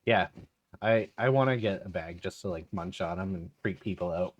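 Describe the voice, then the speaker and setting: A man's voice: sits low, moderate pace, muffled recording. A man hosting a podcast, chatting casually and laid-back, saying "dude" often. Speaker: podcast host. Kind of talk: casual chat.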